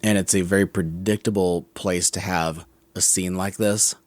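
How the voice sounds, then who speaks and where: A man's voice: low voice, steady tone, moderate pace, dry recording. A man co-hosting a podcast, talking through a movie's scenes in a musing, critical way and often correcting himself mid-sentence. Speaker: podcast co-host. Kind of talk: casual film discussion.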